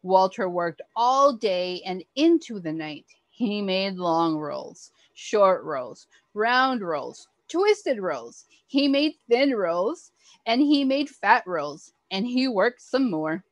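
A woman, an early childhood educator, reading a picture book aloud to children with expressive, animated storytelling. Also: medium pitch, slow, no room sound.

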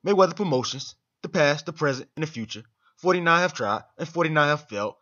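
A man's voice: fairly high pitch, animated, fast, sharp tone, lo-fi sound. A man doing a swaggering boastful boxer. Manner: swaggering, self-promoting.

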